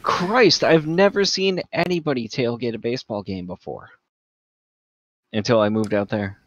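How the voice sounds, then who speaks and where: A man's voice: medium pitch, normal speed, fairly bright tone, no echo, dull audio. A man in a casual podcast chat, cracking wry jokes. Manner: wry, joking.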